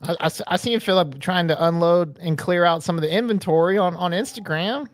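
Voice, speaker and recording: Laid-back guy chatting on a stream, bit higher voice, dry mic. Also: fairly quick, no room sound. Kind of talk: casual live-stream chat.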